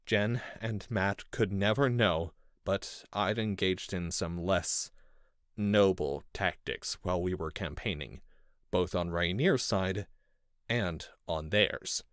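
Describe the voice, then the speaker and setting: A man reading a first-person story in measured, intense scripted narration. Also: no echo, studio quality. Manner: measured and intense, with lively pitch. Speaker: audiobook narrator.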